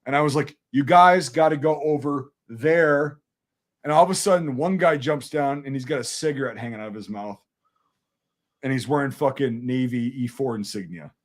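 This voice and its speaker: A man's voice: medium pitch, brisk. Profane storyteller man from Wisconsin. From Wisconsin, USA. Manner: profane, animated, acts out quoted dialogue. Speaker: military veteran telling a war story. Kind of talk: casual storytelling chat.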